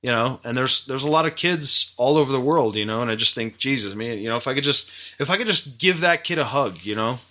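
A man's voice: medium pitch, lively intonation, fairly quick, hardly any pauses, pushed and bright. A man from Massachusetts hosting a casual podcast, rambling and swearing with lots of restarts. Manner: profane, rambling, many restarts. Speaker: podcast host. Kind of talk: casual chat.

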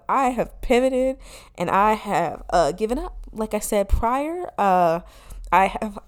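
Woman podcast host in her twenties, clear smooth voice, sassy comic solo rant, loose and profane. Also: on the high side. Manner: animated, sassy, swears freely. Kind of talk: casual comedic monologue.

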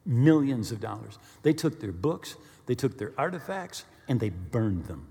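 A male pastor preaching a sermon, telling stories with animated bursts of quick speech. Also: mid-range voice, gravelly, in a large hall. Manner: animated storyteller, speeds up when excited.

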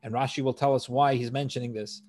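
A man's voice: mid-range voice, fairly even intonation, fast, darkish tone. A man teaching a verse-by-verse scripture lesson, reading Hebrew phrases and translating them one by one in an earnest, explanatory way. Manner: earnest, explanatory, with frequent restarts. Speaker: Torah teacher.

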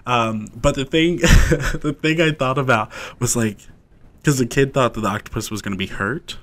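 Casting: young male podcast co-host, chatty rambler, mid-pitched, relaxed storyteller. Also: normal speed. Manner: rambling storyteller, many fillers and laughs. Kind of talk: casual chat.

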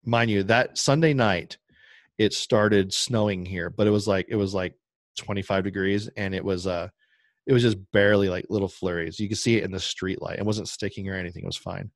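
Low-voiced man telling a story. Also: fairly quick, no echo. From Midwest US. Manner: animated storyteller, acts out quoted voices. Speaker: podcast host. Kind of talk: casual storytelling chat.

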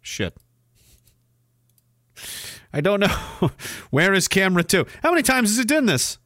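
A man's voice: high voice, big pitch swings, unhurried, sharp tone, dry recording, studio quality. A man hosting a livestream, reacting to clips with profane, mocking commentary. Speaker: livestream host.

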